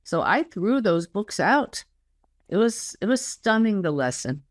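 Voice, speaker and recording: A woman author being interviewed, speaking earnestly and slowing down to stress quoted words. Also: mid-range voice, sing-song, no room sound, clean studio sound. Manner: earnest, slows down when quoting guidance. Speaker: interview guest, spiritual author. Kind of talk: casual conversational interview.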